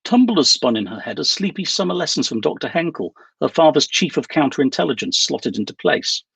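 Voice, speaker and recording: A man reads aloud from his own novel, his voice deeply husky with a gravelly edge. His pitch moves a lot as he tells the story, and the sound is dry and close, with no room around it. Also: very animated, brisk, a bit bright, dry recording, poor audio. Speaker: author.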